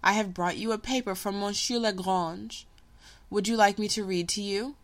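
A woman reading a story, voicing a patient, wise, magical female teacher who teases gently. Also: medium pitch, normal speed, natural voice. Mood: patient, teasing. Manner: calm, gently teasing teacher.

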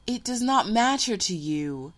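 A woman's voice: a little high, very animated, unhurried, voice pushed up. A woman reading a story, voicing an earnest seventeen-year-old boy who is eager and a little petulant. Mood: sulky. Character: earnest teenage boy, eager, sulky, impatient.

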